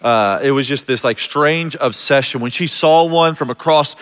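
Before a congregation in a church sanctuary, a male pastor tells a story in a conversational sermon, using self-deprecating jokes and calling out for amens. His voice is medium-pitched, smooth, and fairly bright at normal speed, with the long reverb of a large hall.

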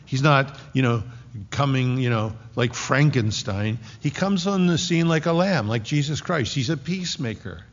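A man preaching a sermon to his congregation in a relaxed, conversational way, with sarcastic asides. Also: mid-range voice, normal speed, big-room sound, lo-fi sound. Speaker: pastor.

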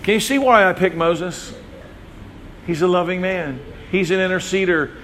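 A man preaching a sermon as pastor, telling the story with animated voices and calling on listeners by name. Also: sits high, moderate pace, slight background noise, rough recording. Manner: speaks directly to congregation members by name.

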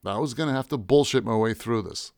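Guy reading a first person story, gravelly voice, wry deadpan, dry close sound. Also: medium pitch, fairly quick, no room sound. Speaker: audiobook narrator.

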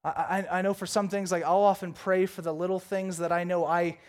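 A man preaching a sermon, reading scripture and then retelling it with jokes and lively asides. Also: brisk. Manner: animated, jokey storytelling with big pitch swings; reads scripture aloud, then riffs casually. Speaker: pastor.

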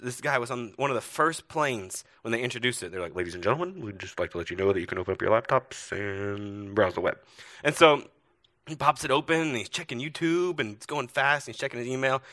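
A man's voice: mid-range voice, dry recording, studio quality. A man preaching a sermon to his church, telling stories and asking earnest rhetorical questions. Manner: earnest storytelling, rhetorical questions, varied loudness. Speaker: pastor.

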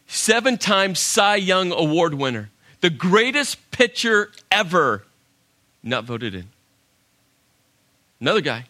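Male pastor, high bright voice, animated sermon storyteller. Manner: animated storyteller, acts out his own inner dialogue.

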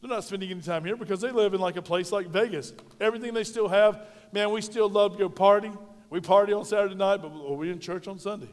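A man's voice: sits high, fast. A pastor preaching a sermon in a folksy, direct way, talking to his congregation. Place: church sanctuary. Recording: reverberant church hall.

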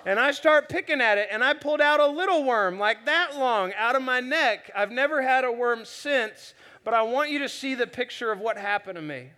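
A young man preaching in a chatty, animated way, often repeating words as he restarts sentences. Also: very high voice, normal speed, few pauses. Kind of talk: storytelling sermon.

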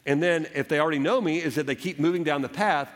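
Earnest pastor preaching in a reverberant hall. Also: male voice, fairly high pitch, quick pace. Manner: earnest preaching, acts out voices of doubters and of Jesus. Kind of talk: sermon. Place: church sanctuary.

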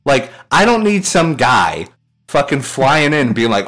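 Animated laughing man, lively pitch. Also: measured pace. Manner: animated, laughing, swearing, mimics people in quotes. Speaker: podcast co-host. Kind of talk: casual chat.

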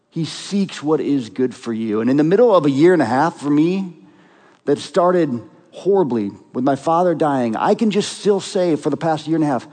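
A man's voice: a little high, a little mellow. Earnest preaching man in a reverberant hall. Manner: emphatic, earnest preaching with rhetorical questions. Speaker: pastor. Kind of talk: sermon.

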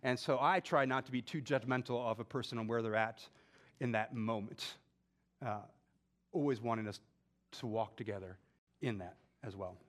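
A man's voice: mid-range voice, normal speed. A male pastor preaching a sermon, talking conversationally with questions to the congregation and building to emphatic peaks. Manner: animated, rising to emphatic peaks when stressing a point.

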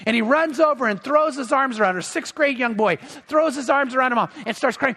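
A man's voice: very high voice, expressive, fairly quick, few pauses, bright, forceful tone. A man preaching a sermon, telling a story in a conversational way with repeated words and fillers. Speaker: pastor. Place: church. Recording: long church hall reverb.

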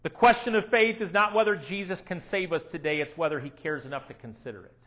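A man preaching a sermon, swinging from hushed, quiet lines to loud, emphatic ones. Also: fairly high pitch, quick pace, highs cut off.

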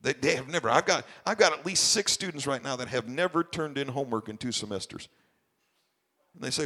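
A male pastor delivers a sermon in a high, bright voice. He sounds worn out and preaches with stop-and-start emphasis, doubling back on his own words as he builds his point. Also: quick pace. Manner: emphatic, repeats and restarts phrases. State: tired. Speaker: senior pastor.

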